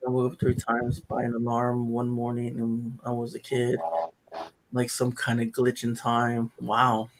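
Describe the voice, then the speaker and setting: A middle-aged man hosting a casual chat. He tells stories in an animated way, getting loud and excited, then dropping to mutters. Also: mid-range voice, a little slow, rough recording. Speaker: livestream host.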